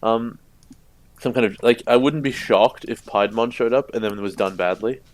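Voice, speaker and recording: A man's voice: mid-range voice, moderate pace. Dry-humored male podcast co-host. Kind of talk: casual podcast chat.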